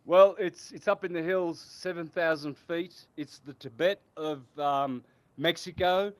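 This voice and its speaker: Slow-talking man in his sixties. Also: fairly high pitch. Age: 60s. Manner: rambling, animated anecdotes. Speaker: guest. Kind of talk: casual storytelling interview.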